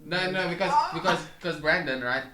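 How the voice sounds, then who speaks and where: A man's voice: fairly high pitch, brisk, sharp tone. A young man, chatting enthusiastically and jumpily as a podcast co-host. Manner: enthusiastic, jumpy. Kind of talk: casual chat. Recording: echoey room with background noise.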